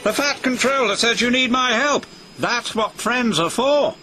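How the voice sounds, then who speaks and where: A man's voice: extremely high pitch, measured pace, bright, forceful tone, voice pushed up, full character voice. A man voicing a cheerful, self-assured male helicopter with a breezy manner. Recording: music behind the voice.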